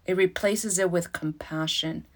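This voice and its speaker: A middle-aged woman hosts her own podcast in a loose, heartfelt monologue. Her voice sits a little low for a woman, and she leans on profanity for emphasis. She jumps from loud, excited bursts to hushed asides. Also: measured pace. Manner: animated, swings between loud bursts and soft asides. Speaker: podcast host.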